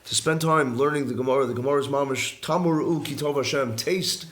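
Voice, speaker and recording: A man who is a rabbi lectures a live class on religious study indoors, emphatic and earnest, returning again and again to key phrases. His mid-range voice is a little fast and fairly bright, and the recording is echoey.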